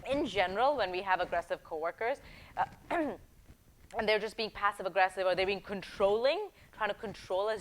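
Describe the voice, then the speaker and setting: A woman's voice: medium pitch, fairly quick, low-quality recording. Direct, emphatic woman coaching on camera. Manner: frequent rhetorical checks like "okay?" and "right?". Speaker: workplace empowerment coach. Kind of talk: advice video talk.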